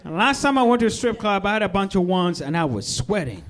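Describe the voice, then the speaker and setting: A young man from Uganda doing a stand-up comedy set in a club, telling stories deadpan and acting out his own inner voice. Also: high voice, fast, some chatter behind. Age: young adult. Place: comedy club stage with live audience.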